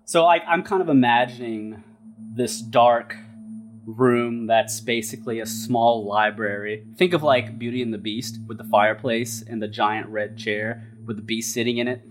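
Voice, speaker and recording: A man, a tabletop game player, calmly describing a scene. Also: medium pitch, moderate pace, a little hiss or hum.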